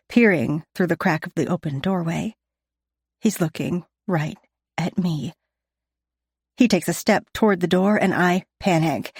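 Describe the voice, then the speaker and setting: A woman's voice: on the low side, darkish tone, no echo, clean studio sound. A woman reading a romance audiobook in the first person, with intimate storytelling. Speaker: audiobook narrator.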